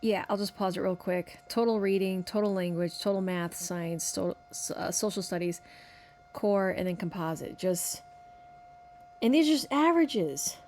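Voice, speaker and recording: A woman's voice: mid-range voice, normal speed, a little mellow, a little hiss or hum. A woman hosting a podcast, chatting casually and wryly while reacting to clips. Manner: chatty, wry, addresses listener as honey. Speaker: podcast host.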